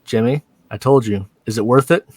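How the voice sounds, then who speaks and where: A man casually recapping a cartoon episode, excitable and profane, acting out the scenes in quick put-on voices. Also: medium pitch, dry recording, studio quality. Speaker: podcast co-host.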